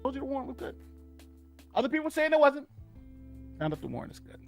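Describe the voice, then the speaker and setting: Animated high-pitched man hosting a stream. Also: quick pace, creaky, soft background music. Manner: animated, repeats himself, gloating and chatty. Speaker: host of a legal commentary channel. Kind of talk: casual live-stream commentary.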